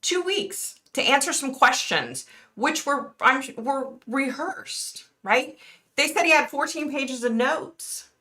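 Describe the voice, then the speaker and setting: A middle-aged woman from the East Coast of the United States hosts a casual live stream, reading viewer chat. Her voice is high and sharp with lively intonation, and she takes her time. She's chatty, outspoken, and fired up, with some mild swearing.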